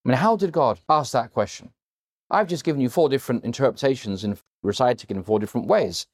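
A man's voice: medium pitch, animated, quick pace. A man preaching a sermon, earnest and emphatic, stressing words differently as he retells scripture. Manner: earnest, emphatic, varies emphasis when quoting.

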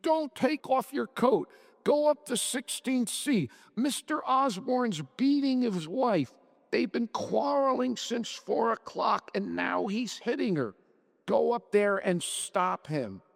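A man voicing a distraught, anxious housewife in a dramatic story reading, pleading and pitched up. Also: animated, unhurried, creaky, a little mellow, big-room sound, full character voice. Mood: frantic.

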